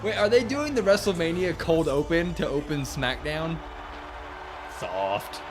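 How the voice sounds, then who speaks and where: A man's voice: fairly high pitch, moderate pace, music in the background. A man hosting a casual live stream, chatting loosely, reading out viewer comments and grumbling as he sets things up. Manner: chatty, reads viewer comments aloud, grumbles about tech. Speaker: livestream host.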